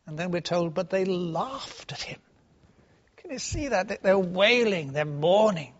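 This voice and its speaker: A man delivers a sermon in a high voice, earnest and storytelling. He swells for emphasis, then sinks to near hushes. The recording sounds dull and lo-fi. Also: a little slow. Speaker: preacher.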